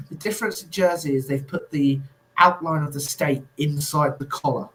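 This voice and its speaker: A man co-hosting a sports podcast who talks in a measured way and lays out his reasoning. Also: on the high side, steady tone, a bit bright, low-quality recording. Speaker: podcast co-host. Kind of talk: casual sports chat.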